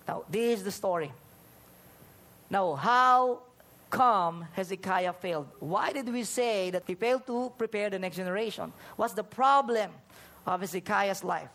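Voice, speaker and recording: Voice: mid-range voice, a little slow. A preacher from the Philippines with a Filipino accent, giving a sermon that switches between Tagalog and English and acts out conversations and scripture in different voices. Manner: animated, acts out conversations and Bible speeches in voices.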